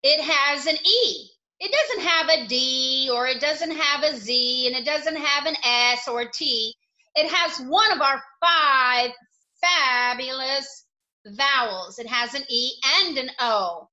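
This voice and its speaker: A woman teaching young children a phonics lesson in a playful manner, with sound effects and excited outbursts. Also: high-pitched, slow pace, muffled recording.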